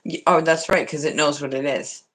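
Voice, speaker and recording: A man's voice: a little high, steady tone, a little fast, a bit bright. A man asking questions on a live stream, deferential and hesitant. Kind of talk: casual Q&A. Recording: dull lo-fi stream audio.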